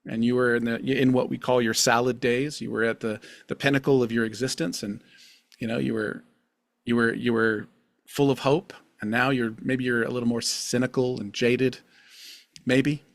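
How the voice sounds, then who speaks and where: A middle-aged man with a gravelly, fry-edged voice, in a mid-pitched register, thinks aloud on his solo podcast. He sounds earnest and confessional, and he circles back over his own phrases. The recording is dry and close, with no room sound. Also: level tone, normal speed, no echo. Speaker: podcast host. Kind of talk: reflective solo podcast monologue.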